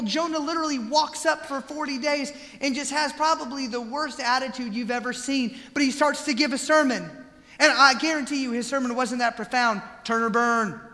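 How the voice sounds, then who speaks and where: A male pastor preaching a sermon with passion, swinging between hushed earnest lines and loud, pleading ones. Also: very high-pitched, long reverb tail. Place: church sanctuary.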